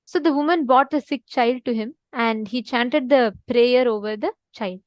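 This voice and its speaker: Earnest high-voiced woman giving a spiritual talk. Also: normal speed, darkish tone, no room sound. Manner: earnest, repetitive, prompts listeners to respond. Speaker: spiritual teacher in an online session. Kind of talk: spiritual talk to an online audience.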